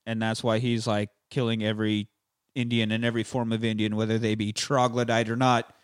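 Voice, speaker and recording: A man's voice: lowish voice, level tone, fairly quick, smooth. A young man hosting a podcast, casually retelling a film with lots of fillers and swearing. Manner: rambling, profane, uses many fillers. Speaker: podcast host.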